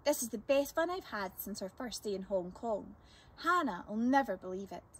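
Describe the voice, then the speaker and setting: A woman voicing a bold, bossy young girl who leads the way, brisk and commanding. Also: mid-range voice, expressive, slightly rough.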